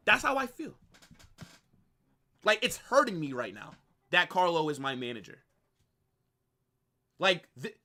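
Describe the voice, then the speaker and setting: Young lad, bright sharp voice, frustrated watch-along host venting. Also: male voice, sits high. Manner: frustrated, ranting, repetitive. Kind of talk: live football watch-along reaction.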